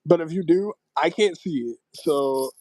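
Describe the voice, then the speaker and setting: A man's voice: a little high, moderate pace, a little mellow, no echo, poor audio. A young man hosting a casual livestream, rambling with lots of fillers and slang. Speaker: livestream host. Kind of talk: casual chat.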